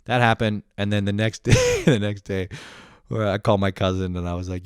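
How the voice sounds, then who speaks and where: A man's voice: lowish voice, huge pitch swings, normal speed, darkish tone, clean tone, no room sound, clean studio sound. A man ranting in a profane, rambling, mock-angry stand-up style. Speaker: comedian.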